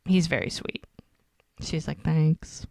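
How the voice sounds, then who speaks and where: A woman's voice: low-pitched, slow, gravelly, a little mellow, dry recording, studio quality. A woman co-hosting a podcast, casually recapping an episode and acting out the characters' lines. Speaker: podcast co-host.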